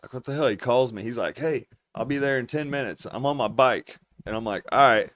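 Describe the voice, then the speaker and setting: A podcast host in his forties tells a long story casually, swearing a lot and laughing often through his anecdotes. He's a profane, animated storyteller with a medium-pitched voice and a fairly quick pace.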